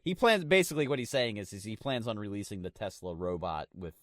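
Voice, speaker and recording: A man's voice: on the low side, fast talker, no echo, clean studio sound. A man co-hosting a casual podcast, swearing a lot and acting out little voices as he tells stories. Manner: profane, animated, acts out voices in quotes. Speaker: podcast co-host.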